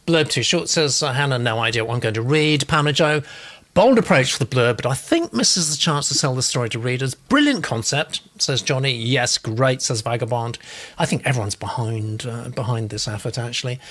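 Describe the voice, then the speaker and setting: A man's voice: medium pitch, lively intonation, fairly quick, a bit bright. A man hosting a live publishing show, chattily reading out viewer comments and adding his own asides. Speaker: host, literary agent.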